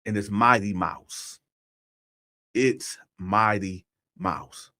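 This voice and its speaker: A man's voice: on the low side, fairly even intonation, drawn-out words, sharp tone. Man telling a story in casual chat. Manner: conversational, addresses listeners directly, repeats "right?".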